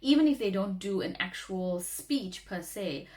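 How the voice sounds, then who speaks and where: A woman's voice: mid-range voice, expressive, unhurried, a little mellow. A woman, a former radio talk show host, giving earnest, encouraging advice in a motivational vlog, often repeating words for emphasis.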